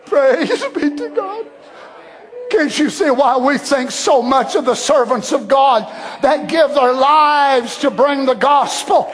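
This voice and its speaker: Very high-pitched impassioned male preacher. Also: animated, slow. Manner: impassioned, swinging between hushed and shouted. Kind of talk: sermon.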